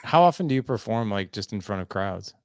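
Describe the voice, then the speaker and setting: A man hosting a podcast, chatting in a relaxed, rambling way and often saying "man". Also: lowish voice, a little fast, smooth. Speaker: podcast host. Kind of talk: casual interview chat.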